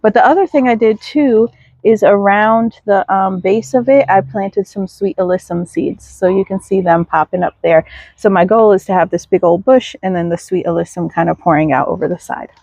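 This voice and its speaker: A woman's voice: mid-range voice, moderate pace, darkish tone, dry recording. A woman gives a casual outdoor garden tour, chatting to viewers and talking to her plants. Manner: chatty, self-deprecating, talks to viewers and plants. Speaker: garden vlogger.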